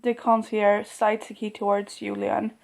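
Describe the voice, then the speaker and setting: A woman book vlogger reacting casually to a novel as she reads, gushing and excitable, often laughing. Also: mid-range voice, unhurried, gravelly. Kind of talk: casual reading reactions to camera.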